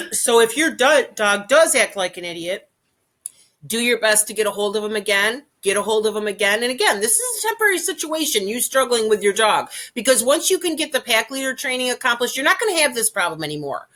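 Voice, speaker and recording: Speaking briskly in a slightly high, very animated, fairly bright voice, a woman offers casual dog training tips. Her informal instruction is chatty, full of repeated points and frequent "okay?" check-ins.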